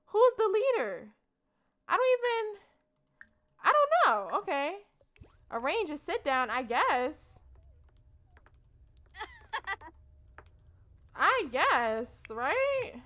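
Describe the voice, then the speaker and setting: A woman's voice: very high-pitched, sharp tone. A young woman hosting a let's play, chatting casually and expressively to her viewers in slangy talk. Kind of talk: casual gameplay commentary.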